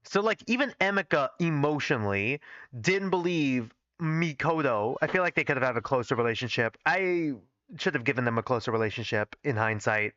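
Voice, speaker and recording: Animated man reading his own fan fiction. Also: mid-range voice, a little fast, dry recording, highs cut off. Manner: self-critical, swears casually, reads every part himself. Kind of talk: live-stream reading with commentary.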